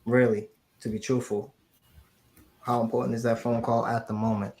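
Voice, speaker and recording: A man co-hosting a casual podcast chat, emphatic and animated, repeating his points and rising in pitch when surprised. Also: moderate pace, slight background noise. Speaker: co-host, real estate investor.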